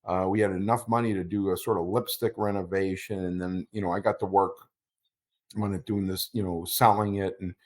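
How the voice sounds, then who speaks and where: A middle-aged man telling a personal story as an interview guest, halting and repeating words, his voice choking up with emotion. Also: low-pitched, fairly even intonation, a little mellow.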